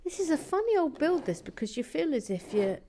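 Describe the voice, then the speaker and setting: A woman's voice: sits high, very animated, brisk, warm tone, a little hiss or hum. A woman hosting a Lego build vlog, chatting casually and muttering or whispering to herself as she concentrates.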